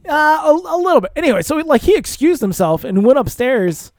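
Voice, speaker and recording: A man's voice: very high-pitched, sing-song, brisk, darkish tone, dry recording, studio quality. A man in his thirties telling a rambling, profane story in casual chat, often laughing as he talks. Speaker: podcast co-host.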